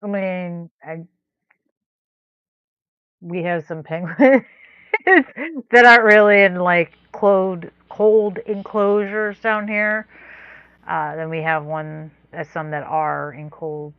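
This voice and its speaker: A woman's voice: on the low side, slow pace, long pauses, clear, resonant tone, dry recording. A woman co-hosting a podcast in casual chat, rambling in a laid-back way with frequent chuckles. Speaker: podcast co-host. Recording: dull lo-fi dry sound.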